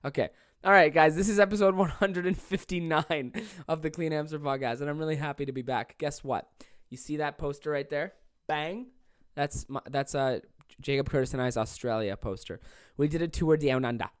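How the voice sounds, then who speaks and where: A man's voice: a little high, moderate pace, few pauses, clear, resonant tone, no room sound. Young man, podcast host, rambling, profane, self-deprecating, jet-lagged, dry close sound. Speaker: podcast host and stand-up comedian. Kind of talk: casual solo podcast monologue. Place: small room.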